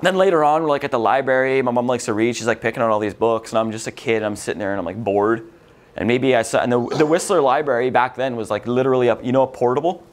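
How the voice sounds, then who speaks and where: A man's voice: mid-range voice, quick pace. A man lecturing a recovery group in a casual, rambling way, swearing freely and often. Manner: swears a lot, vulgar, rambling.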